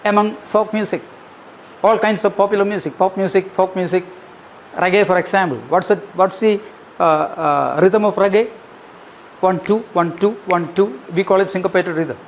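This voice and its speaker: A man's voice: high voice, steady tone, normal speed, a little hiss or hum, low-quality recording. A man giving an academic lecture, emphatic, repeating key phrases and counting out rhythms. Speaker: guest lecturer. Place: lecture hall.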